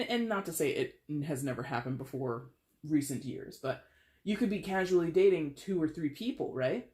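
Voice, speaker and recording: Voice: mid-range voice, a little mellow. A tarot reader giving a casual, chatty reading with playful, dramatic exaggeration. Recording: roomy echo.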